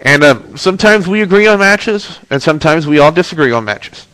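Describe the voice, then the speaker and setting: A man's voice: fairly high pitch, animated, a little fast, fairly bright tone, no echo, rough recording. A man hosting a casual wrestling and gaming webcast, congested with a stuffy nose, chatty as he plugs links and reads the chat. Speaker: host of a wrestling and video game webcast. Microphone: webcam mic.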